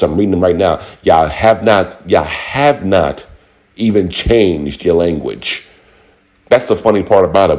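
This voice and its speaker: A very deep-voiced man from Buffalo, New York, delivering a fiery, profane rant straight to his viewers. He talks hard and fast, slips into mocking voices for the people he argues with, and lets his low voice climb when he gets worked up. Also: mellow. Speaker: vlogger. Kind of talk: angry rant to camera.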